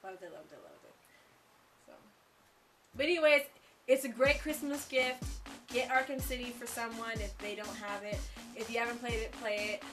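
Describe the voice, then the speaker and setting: A woman's voice: a little high, flat delivery, moderate pace, a bit bright, far from the mic, faint music behind. A woman co-hosting a casual video game review, gushing and enthusiastic and often repeating herself. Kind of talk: casual chat.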